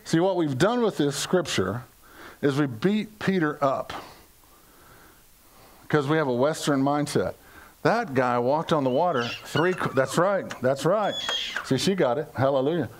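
A man's voice: a little high, lively intonation, measured pace, a little hiss or hum. An older American man preaching a conversational sermon to his congregation, joking, asking questions and acting out quoted lines in playful voices. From United States. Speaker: pastor. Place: church service before a congregation.

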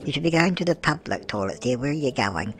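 A man's voice: mid-range voice, sing-song, fast. A man putting on a doting old grandmother voice for gameplay commentary, chatty, with endless tag questions and calling everyone love, dear and darling. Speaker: gameplay channel host.

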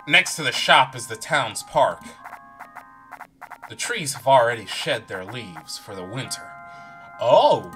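A man's voice: mid-range voice, expressive, takes it slowly, long pauses, pushed and bright, faint music behind. A man playing a visual novel, reading its narration aloud and joking about it as he goes. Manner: reads narration aloud and jokes between lines. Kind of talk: let's play narration and commentary.

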